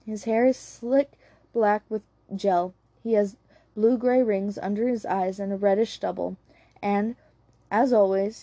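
A woman narrates a crime novel in an even, unhurried voice. Her tone is dark and mellow, and the recording is dry and close with no room sound. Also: mid-range voice, no room sound. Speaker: audiobook narrator. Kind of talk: scripted narration.

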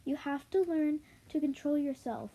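A woman reading the lines of a patient, loving farmer father in her own plain, halting voice. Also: high voice, dark tone, muffled recording, voice pushed up. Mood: gentle. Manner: plain, halting read-aloud delivery.

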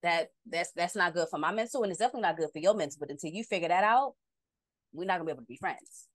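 A woman's voice: on the low side, lively intonation, racing, no echo. A woman co-hosting a casual chat, playful and sassy, with frequent laughter. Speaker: co-host.

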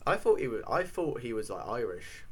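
A man's voice: medium pitch, sing-song, brisk, a little hiss or hum. A young English man in casual podcast banter, teasing and swearing a lot. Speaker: podcast co-host.

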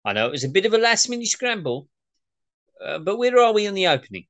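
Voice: mid-range voice, sing-song, fast talker, fairly bright tone, slight background noise, voice pushed up. A performer reading a demanding, impatient male boss on a call in a comedy table read, brusque and exasperated.

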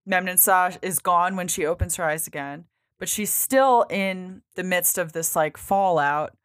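Woman co-host, low-pitched, dry close sound, rambling casual recap delivery. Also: measured pace, fairly bright tone, no room sound. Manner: loose and chatty, heavy on filler words and swearing. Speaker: podcast co-host. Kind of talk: casual chat recapping a comic.

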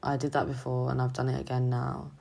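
A young woman student talking haltingly and hesitantly in a confessional vlog, sounding drained and low on energy. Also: monotone, gravelly, warm tone, husky. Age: young adult. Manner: halting, hesitant, full of restarts. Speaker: student vlogger.

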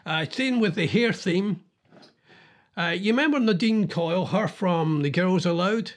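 A man's voice: high voice, expressive, unhurried. A man hosting a casual chat about news stories, rambling and thinking aloud as he goes.

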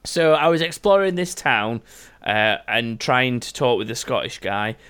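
A man's voice: mid-range voice, unhurried, a bit bright, smooth. A man hosting a podcast, reading out listener stories in a rambling, jokey way and swearing freely. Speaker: podcast host.

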